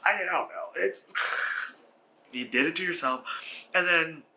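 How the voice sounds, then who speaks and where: A man giving a casual spoken film review, rambling with lots of "like" fillers and swearing, and acting out characters in sudden high shouts. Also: slow pace, a little hiss or hum.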